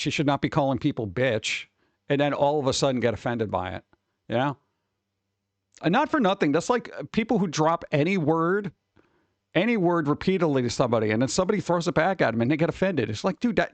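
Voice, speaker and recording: A man's voice: a little high, sing-song, brisk, no echo. Profane, exasperated man ranting on stream. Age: adult who worked at a record store. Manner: profane, exasperated, mocking quoted voices. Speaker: streamer reacting to advice posts. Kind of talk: casual livestream rant.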